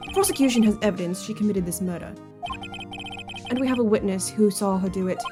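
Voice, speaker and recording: A woman voicing a cool, haughty male prosecutor in a courtroom game, with a slightly deeper voice and a vague put-on accent. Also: steady tone, very fast, over music, close to an everyday voice.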